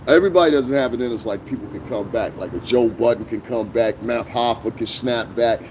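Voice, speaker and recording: A man's voice: mid-range voice, fairly quick, few pauses, darkish tone, a little hiss or hum. A man hosting a commentary vlog, ranting bluntly with heavy profanity and emphatic jabs. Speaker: vlog host. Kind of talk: opinionated commentary rant.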